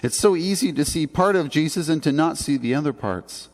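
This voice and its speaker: A man delivers a sermon from the pulpit, conversational and earnest, lifting his voice for emphasis. His voice sits a little high for a man. A long reverb from the church sanctuary trails behind every phrase. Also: lively intonation, brisk. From Canada. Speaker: pastor.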